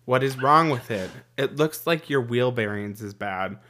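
Bright-voiced man telling a story. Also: mid-range voice, a little slow. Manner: profane, animated storytelling. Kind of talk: casual chat among friends.

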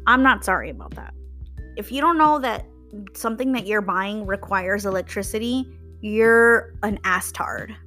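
A woman's voice: on the high side, fairly bright tone. A young woman from Texas hosting a podcast, ranting about customers in a blunt, profane, sarcastic way. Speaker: podcast host. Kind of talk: casual rant.

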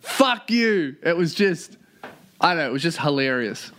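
A man's voice: on the high side, moderate pace. A man hosting a solo comedy podcast, ranting and telling a story with plenty of swearing. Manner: profane, ranting, animated storytelling. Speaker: podcast host.

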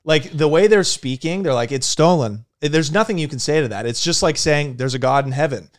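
A man hosting a casual reaction chat, joking crudely and cutting in with quick questions. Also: on the high side. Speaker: host.

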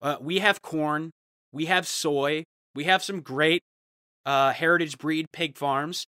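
A young man hosts a casual podcast and rants in mock outrage, with a bright, fairly high voice. The sound is dry and close, with no room heard. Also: steady tone, slow pace, no echo. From Ohio. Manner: ranting, mock-outraged, jumps into quoted voices. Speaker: podcast host.

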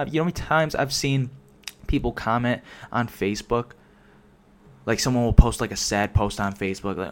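A young man with a mid-range voice and fairly even intonation talks fairly quickly into a desk microphone. He's a solo vlogger on a casual, unscripted rant, rambling with lots of filler words and constant swearing.

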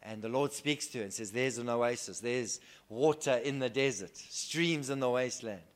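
A man preaching a sermon earnestly, moving between soft hushed lines and loud emphatic declarations. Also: medium pitch, moderate pace.

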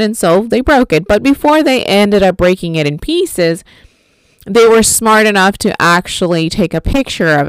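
A woman's voice: fairly low pitch, clear, resonant tone, no room sound. A woman giving an informal Bible history lesson, talking conversationally with fillers and self-corrections. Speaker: Bible teacher. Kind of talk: informal teaching talk.

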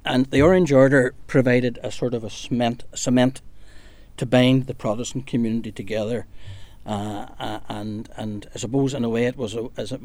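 A man's voice: medium pitch, steady tone, moderate pace, darkish tone, no room sound. Man, dry close recording, talky and discursive, many uh's, panel discussion. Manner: discursive, storytelling with fillers. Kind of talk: casual discussion.

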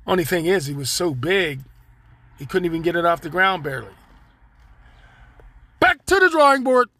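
A man's voice: sits high, very animated, normal speed, sharp tone, dry recording. A man hosting his own podcast, rambling and joking in loose slang straight to his listeners. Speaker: podcast host. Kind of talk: casual solo monologue.

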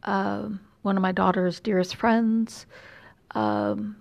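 A woman's voice: mid-range voice, little pitch movement, takes it slowly, vocal fry, darkish tone. A middle-aged woman from California with a slight Texas drawl, chatting casually and rambling with lots of fillers and self-deprecating asides. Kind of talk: casual chat.

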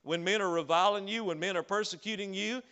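A man preaching a sermon, swinging from loud, drawn-out cries to low, quick asides. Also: clear, resonant tone, muffled recording.

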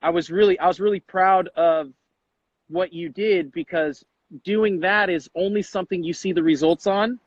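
A man's voice: high-pitched, steady tone, moderate pace, breathy edge, dry recording. Upbeat slangy man, dull dry sound. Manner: enthusiastic, slangy, acts out quotes. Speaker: coach and podcast host. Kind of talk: casual interview chat.

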